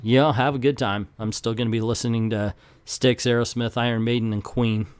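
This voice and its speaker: A man giving an opinionated, animated casual review of comic books, talking with his hands. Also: mid-range voice, a little fast, clean tone, dry recording. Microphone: close desk mic.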